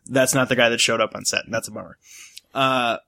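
A man co-hosting a casual movie review chat, animated and joking, laughing often as he riffs. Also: medium pitch, brisk, creaky. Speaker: podcast co-host.

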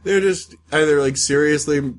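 A man's voice: a little high, normal speed. A man co-hosting a podcast in casual chat about a horror short, trading dry, wry quips. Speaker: podcast co-host.

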